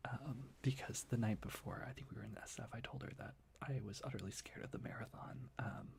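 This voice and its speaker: A young ASMR creator shares life updates in a soft, rambling whisper full of restarts. His mid-range voice is gravelly and fairly quick.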